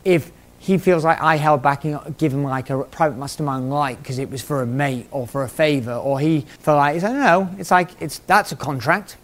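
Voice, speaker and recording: A man with a fairly high-pitched voice talks casually to a group of business owners. He acts out back-and-forth exchanges and keeps checking in with "right?" as he makes his points. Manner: conversational, acts out quoted exchanges, repeats "right?". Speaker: business mentor speaking to a mastermind group. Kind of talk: informal business talk to a group.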